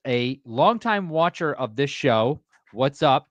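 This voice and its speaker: A man co-hosting a podcast, chatting in an animated way, swearing and acting out a story. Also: medium pitch, slow, no echo, muffled recording. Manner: animated, swearing, acts out stories. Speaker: podcast co-host. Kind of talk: casual podcast chat.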